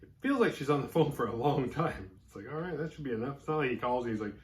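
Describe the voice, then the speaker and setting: A man's voice: medium pitch, fast. A man casually recapping a horror movie, acting out the characters' lines as he tells it. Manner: animated, acts out characters' lines mid-recap. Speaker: horror movie podcast host.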